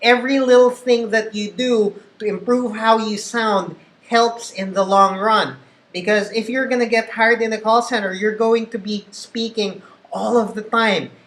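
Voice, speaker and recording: A man's voice: high-pitched, fairly even intonation, unhurried, a bit bright. A man with a Filipino accent, a call center trainer who gives patient instruction and repeats his key points. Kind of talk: instructional talk. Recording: echoey room.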